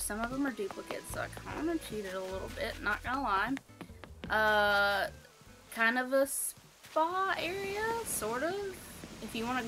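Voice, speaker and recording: A young Alabama streamer with a Southern accent and a slightly high, sharp-toned voice casually chats with her livestream viewers over gameplay. She reads their messages aloud and fills her talk with ums and likes.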